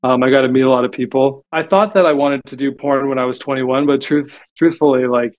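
A man's voice: medium pitch, steady tone, a little fast. A man as a podcast guest, telling stories in a casual, chatty way and filling gaps with "like". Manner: chatty storytelling, frequent "like" fillers. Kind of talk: casual interview talk.

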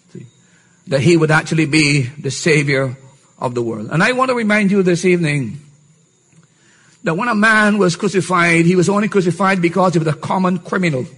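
Husky, high-voiced man preaching emphatically. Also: a bit bright. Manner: emphatic preaching with rhetorical questions; repeats a refrain for emphasis. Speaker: pastor. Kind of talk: sermon.

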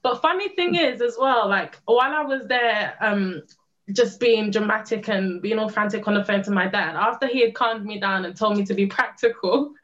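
A young woman from England telling a dramatic story with a laugh, animated and self-mocking, in a casual talk. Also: medium pitch, normal speed. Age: young adult. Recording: slightly dull lo-fi sound.

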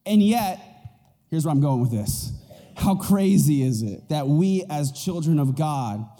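Joking, animated pastor preaching in a hall. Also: male voice, fairly high pitch, unhurried. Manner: animated and joking, asks the crowd "right?". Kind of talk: sermon. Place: church auditorium.

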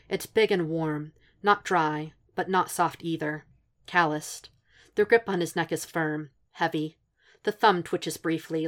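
A woman with a low-pitched voice reads fan fiction as audiobook narration, keeping her storytelling steady and even.

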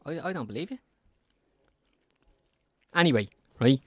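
A man's voice: a little high, lively intonation, measured pace, a little mellow, husky, no room sound. A young man co-hosting a podcast, telling a story in casual, rambling chat with many stop-start restarts. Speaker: podcast co-host.

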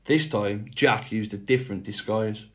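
A man reading a fairy tale aloud in a slow, measured storytelling manner. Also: fairly low pitch. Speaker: storybook reader. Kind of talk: scripted fairy tale narration.

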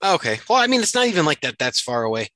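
A man's voice: on the high side, big pitch swings, quick pace, bright, forceful tone, no echo. A man hosting a casual podcast chat with friends, joking and laughing often. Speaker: podcast host.

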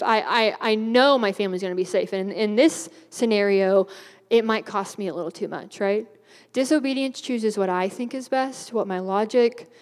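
A woman's voice: a little high, darkish tone. A young woman giving a youth sermon in a bubbly, chatty way, laughing often. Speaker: youth speaker. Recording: hall reverb.

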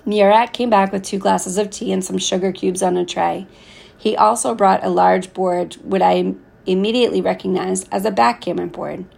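A woman reading a first-person audiobook in a calm, steady way. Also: medium pitch, moderate pace, creaky, husky. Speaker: audiobook reader.

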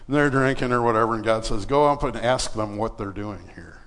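A preacher recounts something from his own life in a relaxed, conversational way, full of fillers and animated quoted dialogue. He speaks a little fast in a low-leaning voice, with a long reverb tail behind him.

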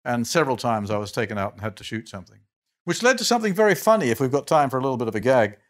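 An older man spins stories for an interviewer, breaking into chuckles and backing up mid-sentence to restart. His voice sits in an ordinary middle pitch for a man, and he talks casually. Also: rapid-fire. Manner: animated, chuckling storyteller who trails off and restarts. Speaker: guest. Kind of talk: anecdotal storytelling in a casual interview.

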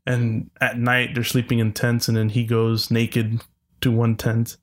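A man at mid pitch chatting casually with friends, walking through a film's plot in a loose, meandering way and laughing at his own retelling. His voice sits in an ordinary middle range. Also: monotone, unhurried. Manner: rambling movie recaps, acting out scenes with a laugh. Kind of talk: casual chat.

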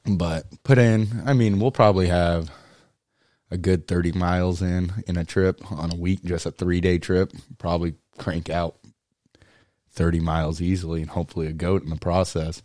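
Deep-voiced joking podcast host. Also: male voice, steady tone, normal speed, a little mellow, no room sound, studio quality. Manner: blunt, joking, laughs often, trails off with fillers. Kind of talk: casual chat.

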